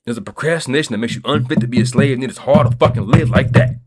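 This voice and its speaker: A man's voice: medium pitch, fast talker, husky. A man delivering a rambling, profane vlog monologue in a streetwise way, often checking in with his listeners. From Kentucky. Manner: streetwise, profane, keeps asking "you feel me". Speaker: vlogger.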